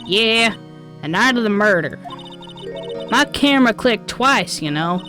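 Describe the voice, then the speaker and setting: A woman's voice: medium pitch, expressive, unhurried, music in the background, natural voice. A woman voicing a friendly southern woman photographer with a put-on Southern drawl, reading a game aloud. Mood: folksy. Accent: put-on American Southern. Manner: folksy drawl, self-admittedly shaky.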